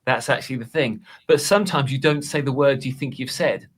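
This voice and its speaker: A man chatting casually on a podcast about making course videos, self-deprecating and halting, restarting his sentences often. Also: medium pitch. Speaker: Excel course creator and guest.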